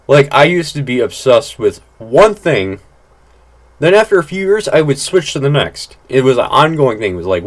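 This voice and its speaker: A man in mid-pitch giving loose, off-the-cuff commentary over gameplay. He rambles, restarts his sentences, fills gaps with "like" and swears without fuss. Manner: blunt, swears casually. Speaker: gaming channel host.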